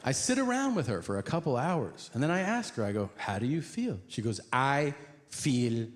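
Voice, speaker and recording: A man telling a stand-up story, acting out characters in shrieking high voices and talking in profane, fast bursts. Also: wildly swooping pitch, noisy background. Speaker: stand-up comedian.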